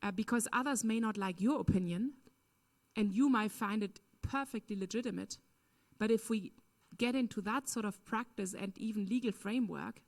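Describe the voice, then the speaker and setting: A woman's voice: mid-range voice, moderate pace, darkish tone. A woman speaks at a conference with a mid-range voice. She answers a question earnestly and emphatically. Her talk is full of "um" and "you know". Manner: earnest, emphatic, frequent fillers. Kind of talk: lecture Q&A answer.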